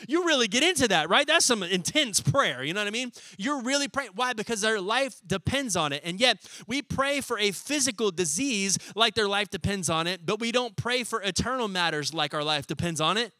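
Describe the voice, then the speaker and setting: A young man preaching a sermon as pastor, talking in a lively, casual way and acting out little scenes as he goes. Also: high-pitched, dry recording. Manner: animated, conversational, acts out scenes in quick voices.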